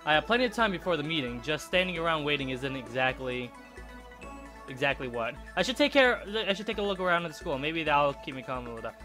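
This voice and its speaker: A man's voice: fairly high pitch, very animated, fairly quick, sharp tone. A man reading a game's dialogue aloud as a nervous teenage schoolboy, in an uneasy inner-monologue manner, over game music. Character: nervous teenage boy, new student.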